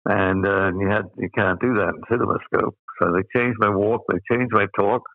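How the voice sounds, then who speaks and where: Brisk and gravelly, a lowish, steady-toned older Australian man tells rambling stories while being interviewed, full of "uh"s and laughs. The recording sounds like a phone, with no echo.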